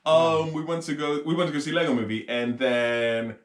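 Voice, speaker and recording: A man's voice: fairly high pitch, flat delivery, normal speed. A man co-hosting a podcast, joking and rambling off on tangents in casual chat. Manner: jokey, rambling, goes off on tangents. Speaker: podcast co-host. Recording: echoey room.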